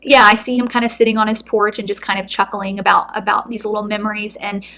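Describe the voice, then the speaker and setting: A woman giving a heartfelt intuitive card reading, speaking softly and earnestly, close to tears. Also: mid-range voice, flat delivery, quick pace. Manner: soft, earnest, emotional. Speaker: tarot reader.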